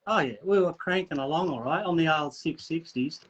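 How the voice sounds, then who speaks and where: A man's voice: a little high, fairly quick, slightly rough. A man joining a casual online chat, telling a riding story in an easygoing, laconic way. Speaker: caller. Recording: lo-fi video call audio.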